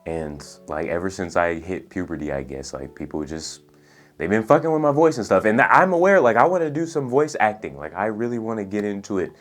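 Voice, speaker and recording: A young man in his twenties telling a story in a casual, laid-back way, using lots of slang and filler words, with a soft, soothing voice. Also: on the low side, expressive, brisk. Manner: laid-back, profane slang, says "bro" and "like" a lot. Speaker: storytelling vlogger. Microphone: USB studio microphone.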